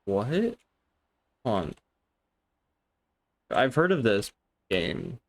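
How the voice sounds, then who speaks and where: A young man chatting casually on a live stream, excitable and rambling, swearing often and restarting his sentences. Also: lowish voice, drawn-out words, vocal fry.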